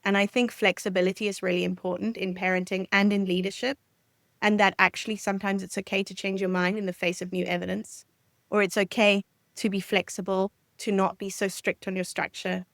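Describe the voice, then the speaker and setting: A woman's voice: mid-range voice, little pitch movement, a little fast, vocal fry, fairly bright tone, dry recording, studio quality. A woman speaking as a family counsellor guest on a podcast, explaining ideas in an earnest, conversational way. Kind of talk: conversational interview.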